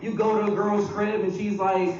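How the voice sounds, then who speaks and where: A man's voice: high voice, little pitch movement, moderate pace. A young man from Atlanta, doing a crude live stand-up set and teasing the crowd in a packed club. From Atlanta, Georgia. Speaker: stand-up comedian. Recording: roomy, dull live club audio from far off.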